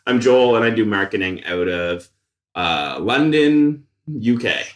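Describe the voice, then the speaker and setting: His voice sits on the low side, animated but unhurried, picked up from a distance in an echoey room. He's a man co-hosting a casual podcast chat indoors before an audience of one, joking drily at his own expense.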